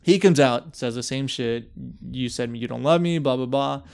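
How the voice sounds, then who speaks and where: A man's voice: mid-range voice, normal speed, gravelly, a little mellow, smooth. A young man hosting a podcast, animatedly retelling a story, swearing freely and acting out quotes. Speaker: podcast host. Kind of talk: casual chat.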